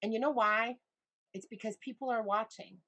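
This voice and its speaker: Bright, expressive middle-aged woman coach. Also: normal speed. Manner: expressive, acts out quotes with big pitch jumps. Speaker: guest, life coach. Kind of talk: animated conversational storytelling.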